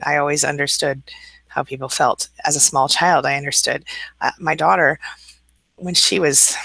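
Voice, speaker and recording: Woman live-streamer, gravelly voice, bright tone, dry close sound, chatty, warm. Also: sits low, dry recording. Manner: warm, chatty, reads viewer comments aloud and reacts. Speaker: livestream host answering viewer comments. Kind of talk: casual live chat.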